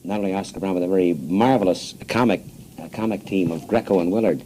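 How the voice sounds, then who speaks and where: A man's voice: low voice, fast, warm tone, slight background noise, rough recording. An American man hosting a radio interview in a nightclub, asking long winding questions and cutting in, on an old 1960s radio tape. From United States. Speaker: radio host.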